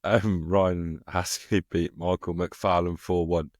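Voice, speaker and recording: Male co-host with a very deep voice, steady and unhurried, dry close mic. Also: no echo. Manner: steady, unhurried, reads names out slowly. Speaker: co-host of a darts podcast. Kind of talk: casual chat.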